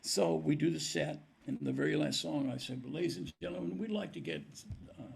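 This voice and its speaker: An older man with a gravelly, husky voice tells stories as a podcast guest, slipping into the voices of the people in them. His voice sits a little high for a man. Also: brisk. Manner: animated storyteller acting out quoted dialogue. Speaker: guest musician. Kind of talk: storytelling in a podcast interview.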